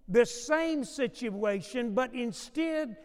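A male pastor preaching a sermon, moving from loud urgent passages to low hushed asides. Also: lively intonation, slow pace, clear, resonant tone. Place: church sanctuary. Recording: long hall reverb.

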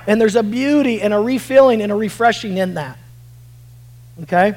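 A man preaching a sermon, rising to shouts at moments of emphasis and dropping low while reading scripture, often repeating words and restarting phrases. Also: moderate pace, poor audio. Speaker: pastor.

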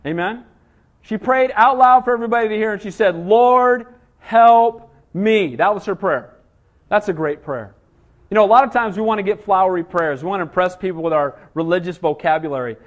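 A man's voice: high-pitched, quick pace, dull audio. A man preaching a sermon, a father of small children, full of rhetorical questions and frequent calls of "Amen?" to the congregation. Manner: call-and-response, asks "Amen?" often; rhetorical questions, rising to emphatic cries. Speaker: pastor.

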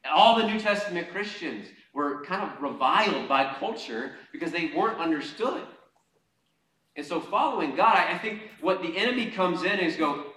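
A male pastor preaching a sermon to his congregation, impassioned and conversational, swinging from loud urging to quiet asides and calling on the room to answer. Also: a little high, lively intonation, moderate pace. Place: church hall before a congregation. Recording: echoey hall, mic at a distance.

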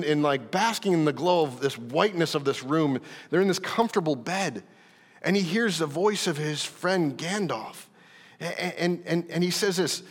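A man preaching a sermon as pastor, earnest, stumbling over repeated words and building to emphatic lines. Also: a little high. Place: church hall. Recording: reverberant church hall.

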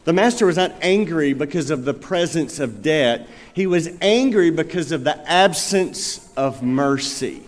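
A man preaching a sermon as pastor in a church, earnest and asking his listeners rhetorical questions. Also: fairly high pitch. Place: church sanctuary. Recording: long reverb of a large hall.

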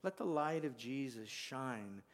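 A man, a pastor, preaching a sermon in an earnest way, often rising in force and then dropping to a quiet close. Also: medium pitch, expressive, a little slow.

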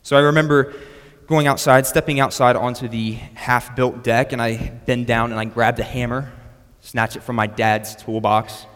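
A man's voice: mid-range voice, steady tone, moderate pace, a bit bright, clean tone. A young man preaching a sermon that is built around a personal story, with a storytelling manner and frequent restarts on his words. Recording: long reverb of a hall.

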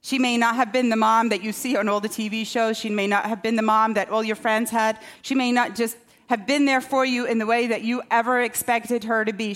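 A high-leaning, fairly bright voice carries this woman pastor's sermon. She jokes about herself in a conversational way and keeps checking in with the congregation with a rhetorical "okay?".

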